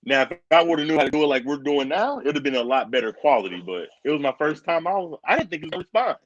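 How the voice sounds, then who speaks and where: A man, co-hosting a live reptile stream in casual, excitable chat and calling people brother. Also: on the high side, fast, no room sound. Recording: dull, dry lo-fi stream audio.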